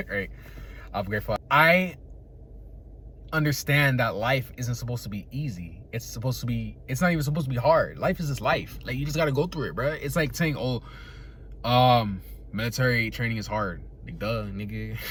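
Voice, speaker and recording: A man's voice: medium pitch, slight background noise. A young man hosting a podcast, rambling casually in a profane, laid-back way, often laughing and tagging his thoughts with "right?". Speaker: podcast host.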